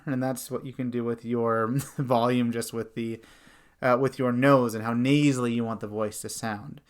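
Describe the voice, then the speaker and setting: A man hosting a tutorial as a dungeon master, animated and breaking into demo voices as he explains. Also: mid-range voice, normal speed, clean tone. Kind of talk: instructional video.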